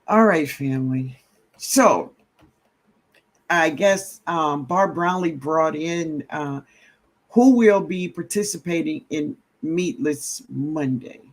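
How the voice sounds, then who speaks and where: A man hosting a casual gardening livestream, greeting viewers warmly and reading out their comments with a relaxed drawl. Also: fairly high pitch, slow. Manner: drawling, greets viewers as baby, laughs often. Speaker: livestream host. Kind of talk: casual live-stream chat reading comments.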